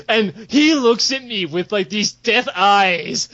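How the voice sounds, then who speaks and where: A young man casually telling game stories on a podcast, animated and profane, acting out the voices of the people he quotes. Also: high-pitched, a little slow, few pauses. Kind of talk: casual storytelling chat. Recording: dull lo-fi podcast audio.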